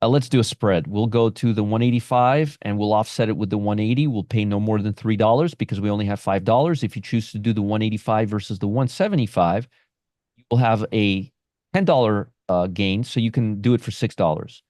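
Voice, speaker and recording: A man's voice: fairly low pitch, fairly quick, darkish tone, no echo, studio quality. Brash sarcastic man teaching trades. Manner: brash, sarcastic, answers chat by name. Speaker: options trading instructor. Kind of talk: live-stream trading commentary.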